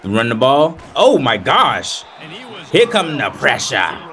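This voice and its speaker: A young man giving casual play-by-play commentary while playing a football video game, animated, hyped and trash-talking. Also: medium pitch, slow, a faint crowd. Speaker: gaming video creator.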